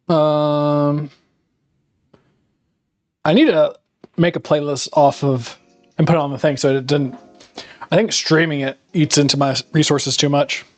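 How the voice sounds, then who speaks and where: A man's voice: a little high, no room sound. A man rambling sarcastically and animatedly in casual chat while he cooks live in his home kitchen. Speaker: live-streaming home cook. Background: faint music.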